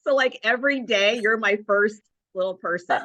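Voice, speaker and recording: A woman's voice: medium pitch, moderate pace. A woman hosting a podcast, chatting in an affirming way and using lots of "like"s. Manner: warm, affirming, chatty with many "like"s. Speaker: podcast host. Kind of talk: casual interview conversation. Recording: slightly dull lo-fi audio.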